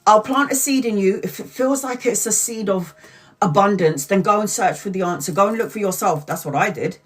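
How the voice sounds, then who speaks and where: A woman reads tarot and chats on a live stream. She tells her stories in an animated, loose way and laughs often. She drops the odd casual swear word. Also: mid-range voice, a little fast. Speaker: tarot reader.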